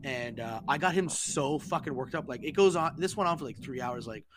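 A man's voice: medium pitch, fairly quick, noisy background. A man telling a long story to friends on a podcast, swearing freely and acting out the messages he quotes. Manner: profane, animated, acts out quoted texts. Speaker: podcast co-host. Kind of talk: casual storytelling among friends.

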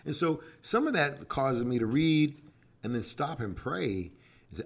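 A man who is a pastor and podcast co-host, telling stories in a casual, animated way and laughing often. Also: mid-range voice, unhurried, gravelly, slightly rough. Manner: animated, acts out quoted prayers, laughs often. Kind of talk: casual faith talk with storytelling.

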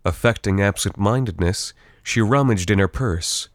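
A man reads scripted fiction aloud in a steady, even storytelling voice. His pitch sits very low, and the recording is dry and close with no room sound. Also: normal speed, no room sound. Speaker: narrator.

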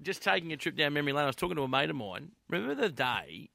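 A man telling a nostalgic story with lively excitement in a casual chat. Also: on the high side, racing, gravelly, a crowd in the background.

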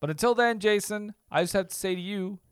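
A man's voice: high voice, a little fast, clear, resonant tone, no room sound, clean studio sound. A man co-hosting a casual film podcast, chatting and joking in a rambling way. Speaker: podcast co-host. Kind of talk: casual podcast chat about films.

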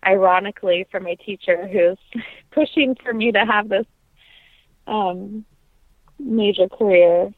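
In a relaxed interview, a young woman trained in opera talks slowly, leaving long pauses. Her medium-pitched voice is heartfelt and thoughtful, full of filler words, and the audio is dry but thin and phone-like.

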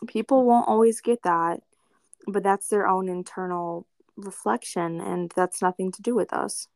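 A young woman on a casual podcast, speaking candidly and earnestly at a mid pitch. She leans on fillers and restarts as she opens up. The sound is dry and close. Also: steady tone, a little slow, creaky, dry recording. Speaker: podcast guest.

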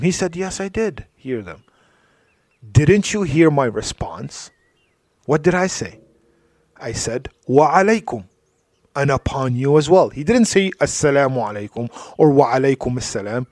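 A man's voice: medium pitch, sing-song, measured pace, no room sound. A man giving a religious talk, telling stories in a conversational way with frequent asides. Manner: storytelling, drops to soft asides, frequent "you know". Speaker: Islamic speaker.

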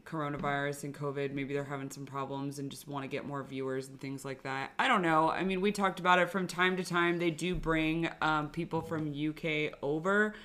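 A woman co-hosting a podcast, chatting casually and gushing like an excited fan. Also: deep voice, a little fast, hardly any pauses. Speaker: podcast co-host. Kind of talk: casual chat.

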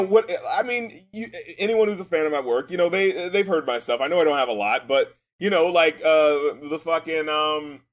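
A man who is a music critic and rapper, co-hosting a podcast in casual, profane chat and swinging from low mumbling to excited shouting.

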